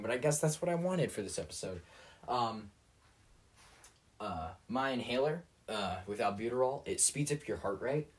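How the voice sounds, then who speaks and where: A fairly low-pitched man's voice, recorded from a distance: a teenage boy hosting a podcast launches into a rambling solo rant, sarcastic and self-mocking, with plenty of fillers and restarts.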